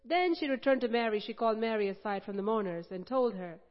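A woman's voice: on the high side, fast, few pauses. Woman preacher, sermon, impassioned and repetitive, long hall reverb, dull lo-fi sound. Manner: impassioned, rising to loud emphatic repetition.

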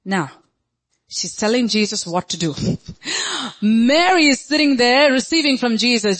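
A woman's voice: on the high side, big pitch swings, a little slow, long pauses. A woman pastor preaching a sermon in an emphatic, dramatic way, often acting out quotes.

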